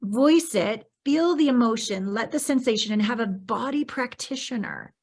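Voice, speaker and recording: A woman hosting a podcast in candid conversation, expressive and acting out her own reactions in animated bursts. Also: on the high side, moderate pace. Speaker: podcast host.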